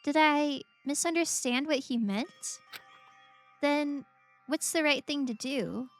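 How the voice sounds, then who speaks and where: A woman voicing a young princess in a video game who quietly doubts herself. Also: high-pitched, slow pace, soft background music. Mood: troubled.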